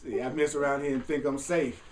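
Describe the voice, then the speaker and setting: A man's voice: medium pitch, fairly even intonation, fairly quick, a little mellow. A man teaching a spiritual class in a casual, playful way, chuckling often and wandering into asides. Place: classroom with a group. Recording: echoey room, distant mic, faint hum.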